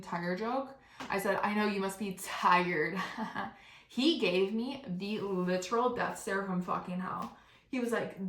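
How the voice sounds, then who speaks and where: Fast-talking young woman telling stories. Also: medium pitch, reverberant, slight background noise. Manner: rapid, animated, swearing, acts out others' lines. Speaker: podcast host. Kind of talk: casual storytelling monologue.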